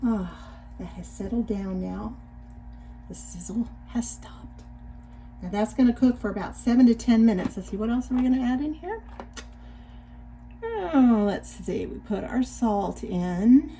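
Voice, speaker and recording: Woman in her sixties, home cooking demo, chatty and careful, somewhat high voice, light hum behind. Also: expressive, a little slow, pauses often, poor audio. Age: 60s. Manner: chatty, addresses viewers directly with gentle cautions. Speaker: cooking show host. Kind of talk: casual cooking demonstration. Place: home kitchen.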